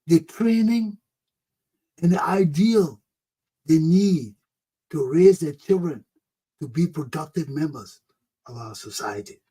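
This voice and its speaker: A man with a fairly high voice tells a personal story as a talk show host. He is animated and keeps coming back to "oh, man", then turns into a lecture on parenting. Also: takes it slowly, long pauses, breathy edge, poor audio.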